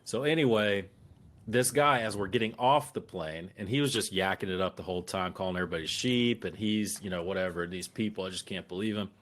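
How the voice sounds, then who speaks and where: A man with a somewhat low voice tells stories on a casual podcast. He is animated and profane, and he acts out what people said. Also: brisk. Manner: animated, profane anecdote-telling with acted-out quotes. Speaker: occasional co-host.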